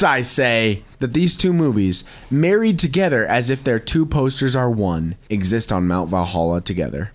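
A man co-hosting a casual movie podcast, making emphatic, mock-grandiose proclamations. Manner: lively pitch swings. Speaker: podcast co-host.

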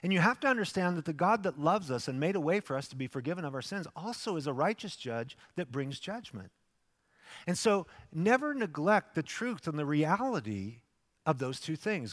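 Animated pastor in a reverberant hall. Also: male voice, fairly high pitch. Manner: animated storyteller, acting out voices. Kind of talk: sermon.

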